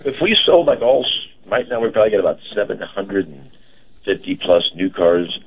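A man co-hosting a casual radio show. He talks in a halting, chatty way with many fillers. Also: on the low side, animated, slightly rough. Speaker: radio co-host and car dealer. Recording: dull lo-fi radio broadcast.

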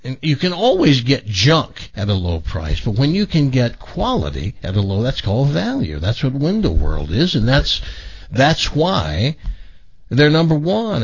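A man's voice: mid-range voice, creaky, no echo, muffled recording. A man hosting a talk radio show, joking with co-hosts and doing a folksy live read for a sponsor. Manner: folksy, joking, animated storyteller. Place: radio studio.

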